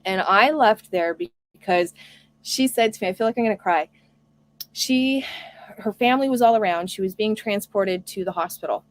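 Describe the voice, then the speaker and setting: A woman's voice: medium pitch, normal speed, no echo. A woman hosting a casual live stream, talking earnestly and reading viewer comments aloud. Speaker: homestead live stream host.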